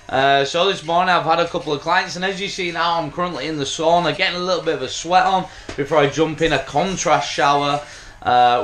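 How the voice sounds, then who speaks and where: A young man talking in a relaxed, rambling way about his day as a lifting coach, with many "uh" fillers. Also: on the high side. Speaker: powerlifting coach and vlogger. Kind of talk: casual vlog chat and voice-over.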